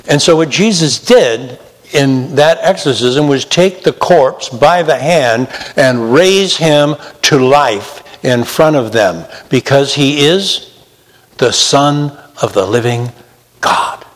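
A man's voice: medium pitch, expressive, slow. Man preaching in a reverberant hall. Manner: emphatic, rising into mocking imitations of sinners. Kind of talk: sermon.

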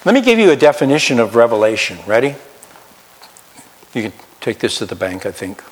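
A man preaching a sermon as pastor, swinging from loud emphatic highs to quiet low asides. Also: very animated, fairly quick, long pauses. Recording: long hall reverb.

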